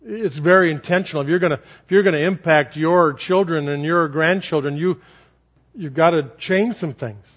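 A man's voice: on the high side, moderate pace, a bit bright. A middle-aged man preaching a sermon, telling stories and acting out children's voices. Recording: dull lo-fi recording.

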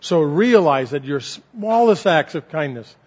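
A man's voice: on the high side, expressive, unhurried, darkish tone, breathy edge. A man preaching a sermon as pastor, earnest and repetitive, building emphasis as he goes. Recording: dull lo-fi sound.

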